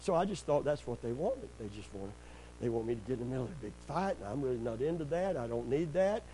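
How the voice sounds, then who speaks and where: A middle-aged pastor, preaching in a folksy storytelling way, sprinkling in amens and praise God, and rising loud and high when he gets worked up. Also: animated, quick pace, a little hiss or hum, rough recording. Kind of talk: sermon.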